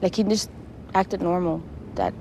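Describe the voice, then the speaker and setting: A woman giving an emotional interview, speaking haltingly and repeating her words. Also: fairly low pitch, sing-song, vocal fry, background noise. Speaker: interviewee recounting her past.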